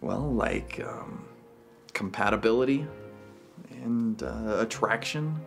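A man's voice: on the low side, takes it slowly, creaky, faint music behind. Wry, dry young man. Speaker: character in a comedy series.

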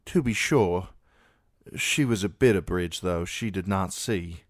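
A man voicing a courteous, guarded young knight in a measured, polite way. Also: lowish voice, big pitch swings, no room sound, studio quality, voice pushed up. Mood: curt.

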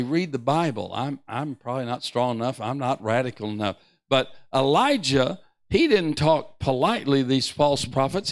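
A male pastor preaching a sermon at a Bible study, moving between quiet asides and raised, emphatic passages, with many fillers and restarts. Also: mid-range voice.

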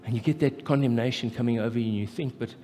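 Impassioned South African pastor in a hall. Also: male voice, medium pitch, quick pace. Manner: impassioned, rising to loud emphatic peaks. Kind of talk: live sermon. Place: church hall, live. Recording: echoey church hall with faint music.

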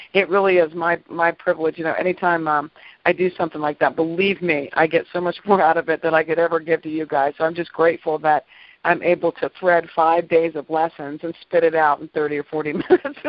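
A woman's voice: on the low side, dry recording. A middle-aged woman hosting a weekly faith series, telling a personal story in an emphatic, chatty way, repeating words and laughing often. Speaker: host of a weekly faith-based dream series. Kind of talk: personal storytelling in a devotional talk. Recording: dull, dry lo-fi sound.

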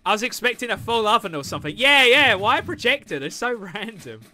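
A young British man commentating a game live, with a very high, bright voice that leaps around a lot as he reacts loudly and jokes with his viewers. Faint music plays under him. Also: big pitch swings, a little fast. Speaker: streamer.

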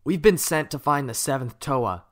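A man's voice: mid-range voice, expressive, measured pace, a bit bright, pitched above the performer's own voice. A man voicing an eager, jittery young male villager in a storybook reading, his words tumbling out.

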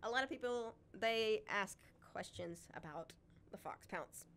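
A woman's voice: mid-range voice, a little slow, a bit bright. Chatty, enthusiastic woman co-host. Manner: chatty, enthusiastic, with frequent laughs. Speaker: podcast co-host, wildlife sanctuary keeper. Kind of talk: casual chat.

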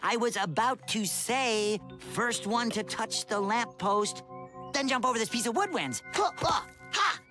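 A woman's voice: on the high side, expressive, unhurried, over music. An actress voicing a gleeful, boastful little boy in a cartoon. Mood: gleeful boasting.

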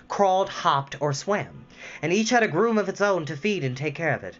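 Lively male storybook reader. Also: sits high, normal speed, highs cut off. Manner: lively, with asides and self-corrections. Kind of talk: storybook reading aloud.

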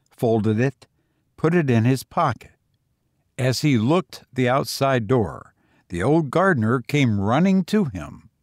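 Man reading a spooky old story, slow and steady, mid pitch, dry close sound. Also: dry recording. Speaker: narrator.

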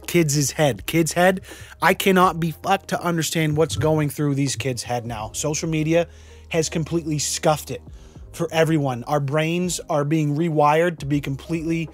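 Sardonic man, slightly high voice. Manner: sardonic, swears casually, laughs in disbelief. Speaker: YouTube commentary host. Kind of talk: sarcastic commentary vlog. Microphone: studio microphone.

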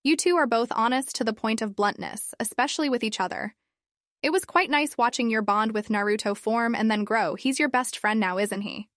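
A woman voicing a gentle, patient middle-aged mother who speaks in a soothing, coaxing way. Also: on the high side, normal speed, no room sound, studio quality, natural voice.

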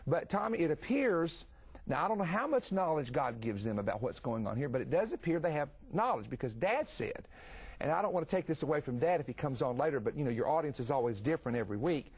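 A middle-aged man hosting a Christian television talk show, telling stories with energy and asking quick follow-up questions. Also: on the high side, very animated, darkish tone, slightly rough. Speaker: TV ministry host. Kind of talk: conversational religious TV talk.

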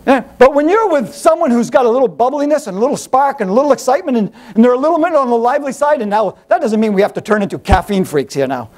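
Animated high-voiced male preacher. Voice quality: animated, rhetorical, quick questions to the congregation. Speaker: pastor. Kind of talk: sermon.

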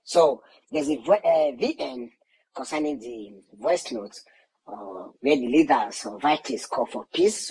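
A man's voice: medium pitch, a little mellow, poor audio. A man with a Nigerian accent hosting a news vlog, speaking casually and asking viewers to subscribe. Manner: quick, chatty promotion. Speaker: vlog host.

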